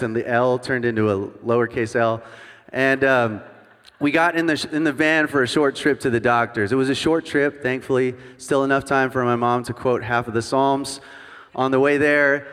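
The long reverb of a big church hall follows this thirties-aged guest worship pastor as he delivers a humorous, story-filled sermon to the congregation. He pokes fun at himself, and his middle-pitched voice has a slightly bright quality.

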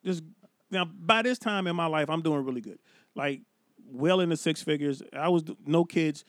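A man's voice: a little high, normal speed, no echo, clean studio sound. A man telling stories about his start in stand-up comedy, casual and profane in podcast chat. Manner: profane, loose storytelling. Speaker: comedian guest.

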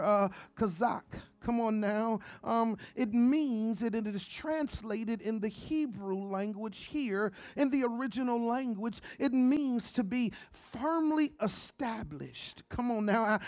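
A woman preaching a sermon with fervent delivery, often repeating "come on now" and stammering as she restarts. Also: fairly high pitch.

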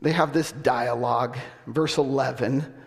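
A male pastor telling a story in a sermon, acting out voices with laughter and animated delivery. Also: medium pitch, measured pace, creaky. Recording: long hall reverb.

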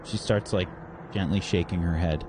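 A man's voice: low-pitched, fairly even intonation, normal speed, background noise. A man narrating a tabletop game as game master, in a loose, hedging way.

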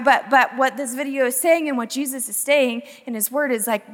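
A young woman giving a casual, storytelling sermon, chatty and animated, full of "like" and "um". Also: sits high, normal speed, hardly any pauses, long reverb tail.

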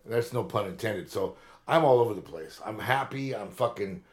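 A man's voice: fairly low pitch, expressive, moderate pace. A man in his fifties on a podcast, telling long, rambling, profane stories in casual chat. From Southern California. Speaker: podcast co-host.

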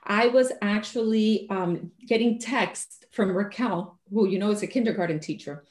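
A Puerto Rican woman hosting a podcast, telling stories in an animated, emotional way. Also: mid-range voice, normal speed, echoey room. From Puerto Rico. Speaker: podcast host. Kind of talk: casual interview talk.

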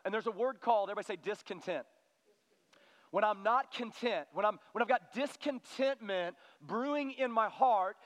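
A man's voice: high voice, a bit bright. A middle-aged male pastor preaching a sermon in a conversational way, often calling on the congregation to respond. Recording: long hall reverb.

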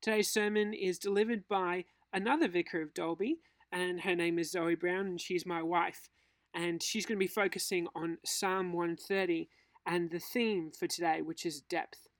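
A man with a high voice introduces the service and then reads scripture in a formal, steady way. The sound is dry and close, with no room around it. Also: moderate pace, no echo. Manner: formal reading aloud. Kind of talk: scripture reading.

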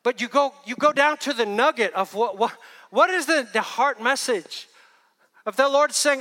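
A male pastor preaching a sermon, moving between hushed, quiet asides and loud, emphatic lines. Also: very high voice, normal speed, long reverb tail.

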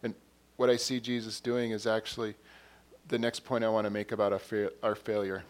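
A man's voice: lowish voice, little pitch movement, fairly quick. A man preaching a sermon in a conversational way, retelling scenes with quoted dialogue and often repeating and restarting words. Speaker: pastor.

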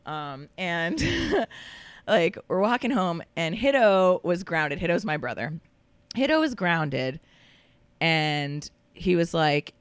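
A woman guest on a podcast, telling a story in casual chat, animated and laughing often, swearing casually. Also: on the low side, takes it slowly, smooth, no echo.

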